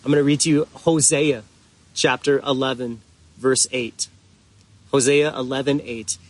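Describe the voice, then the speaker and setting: A man preaching a sermon as pastor, earnest and deliberate, with drawn-out pauses for emphasis. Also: medium pitch, steady tone.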